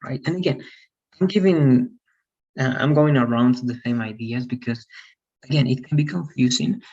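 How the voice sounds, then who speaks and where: Patient husky teacher. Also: male voice, mid-range voice, a little mellow, lo-fi sound. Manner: patient, repetitive explaining with frequent "all right?" checks. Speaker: English teacher. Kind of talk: online English grammar lesson.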